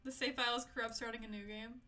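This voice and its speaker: A young woman streams herself playing a game, reacting loudly with frequent swearing and laughter. Her voice is very bright and sits fairly high. She talks into a desk microphone. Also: fast. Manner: excitable, swears and laughs often. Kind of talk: live gameplay commentary. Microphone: desk mic, no camera.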